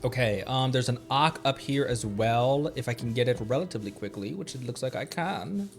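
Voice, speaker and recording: A man's voice: medium pitch, expressive, moderate pace, gravelly, over music. A man streaming a video game live, rambling casually and laughing at his own slips. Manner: chatty, rambling, laughs often at himself.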